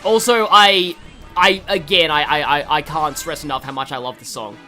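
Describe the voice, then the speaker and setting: Aussie streamer rambling through a let's play, bright voice, game music faint behind. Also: mid-range voice, normal speed. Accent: Australian. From Australia. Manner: rambling, with many fillers and restarts. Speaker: gaming streamer. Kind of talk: casual let's-play commentary.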